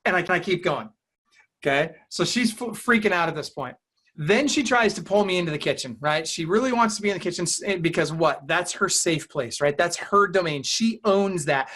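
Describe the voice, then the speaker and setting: A man's voice: high-pitched, expressive, moderate pace, fairly bright tone. A man coaching real estate agents in an interview, talking emphatically and acting out client dialogue.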